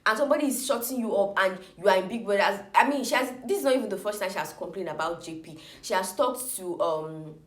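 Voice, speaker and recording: A woman's voice: medium pitch, animated, fast talker, few pauses. A young woman reviewing a reality TV show in casual, sassy, exasperated commentary to her viewers. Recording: echoey room.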